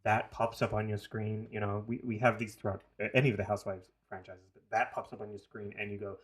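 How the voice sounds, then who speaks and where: A man's voice: fairly low pitch, level tone, fast. A man co-hosting a podcast, chatting casually with wry, dry asides. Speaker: podcast co-host. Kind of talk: casual chat about reality TV.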